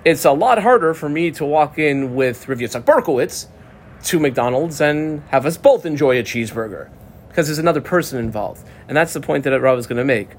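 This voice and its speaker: A man teaching a Talmud class in a lively, conversational way, moving between English and Aramaic terms. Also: on the high side, fairly quick, a little hiss or hum.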